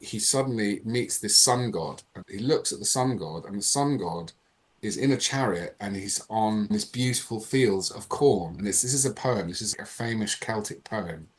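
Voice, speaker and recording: A man, a podcast guest, telling a personal story in a lively, animated way. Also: lowish voice, normal speed. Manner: animated, reenacts dialogue in changing voices. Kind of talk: casual storytelling.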